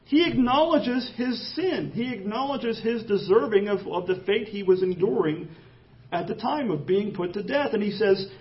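A man's voice: high voice, lively intonation, normal speed, far from the mic. A man preaching an expository sermon, reading scripture aloud and pressing the points with rising emphasis. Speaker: pastor. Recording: dull lo-fi sermon audio.

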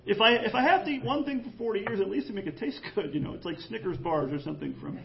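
A man preaching an animated, jokey sermon in church, acting out quoted voices. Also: sits high, fast talker, vocal fry, lo-fi sound. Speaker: pastor.

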